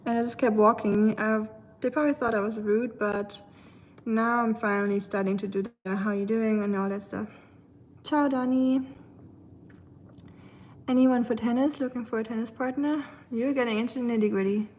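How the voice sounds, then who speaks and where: A German woman with a German accent hosts a live stream from her home kitchen, casually chatting with viewers while cooking and often laughing as she answers their comments. Her voice is on the high side, steady and darkish, at normal speed, with a little hiss or hum.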